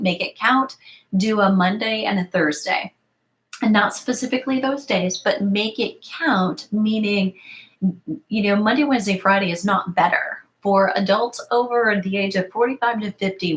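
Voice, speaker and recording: A middle-aged woman fitness coach answering viewer questions live, talking emphatically with strings of rhetorical questions and a bit of morning voice. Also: medium pitch. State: morning voice, clearing throat. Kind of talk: live Q and A talk.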